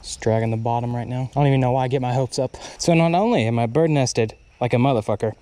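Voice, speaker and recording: A young man casually narrating his own fishing trip outdoors, excitable and quick to swear, recorded on a chest-mounted action camera. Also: mid-range voice. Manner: excitable and profane, swears freely when snagged. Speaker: fishing vlogger. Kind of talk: casual on-the-go vlog commentary. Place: outdoors at a creek by a bridge.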